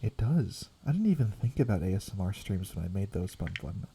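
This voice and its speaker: A young man streaming as a VTuber, rambling softly in a quiet ASMR chat that slips into whispers. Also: low-pitched, big pitch swings, a little fast, background noise. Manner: soft rambling, drifting between quiet voice and whisper.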